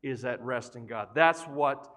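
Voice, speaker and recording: A man preaching a sermon as pastor, playful and joking, building to energetic emphasis. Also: medium pitch, unhurried. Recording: long reverb of a large hall.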